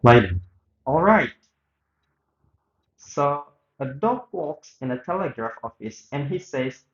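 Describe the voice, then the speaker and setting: A man's voice: medium pitch, lively intonation, unhurried, highs cut off. Man reading an interview aloud, roomy sound. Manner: reads a script aloud with small slips and restarts. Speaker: student reading both sides of a radio interview. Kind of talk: read-aloud interview reenactment.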